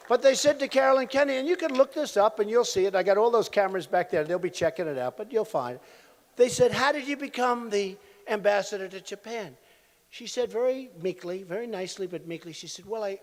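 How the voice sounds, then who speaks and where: A man in his sixties speaks from a podium at a large rally, with a rather high pitch for a man. He rambles through anecdotes, repeats himself and throws asides to the crowd. The hall leaves a long, echoing tail on his voice. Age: 60s. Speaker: presidential candidate at a campaign rally. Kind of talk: campaign rally speech. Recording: echoey hall sound from a rally venue.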